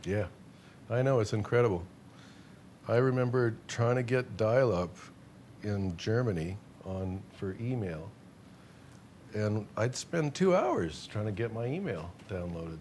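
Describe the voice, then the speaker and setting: A man's voice: lowish voice, expressive, a little slow, a little mellow, slight background noise. A man being interviewed as a musician guest, chatting casually in a rambling, self-deprecating way and laughing often.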